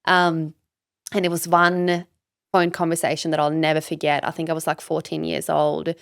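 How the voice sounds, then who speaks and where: A Swedish woman with a deep, creaky yet smooth voice speaks in a monotone at normal speed, recorded in a clean studio with no echo. She's a business coach guesting on a casual podcast interview, candid and emphatic, swearing freely and leaning on "like" and "you know."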